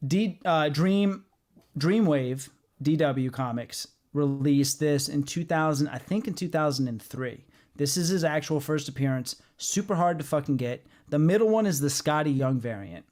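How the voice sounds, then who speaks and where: A man hosting a comics podcast who lays out his views firmly. His voice sits a little high for a man. He fills his pauses with ums and uhs as he goes. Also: animated, a little mellow. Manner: assertive, explains at length with fillers. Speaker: podcast host. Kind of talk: casual chat.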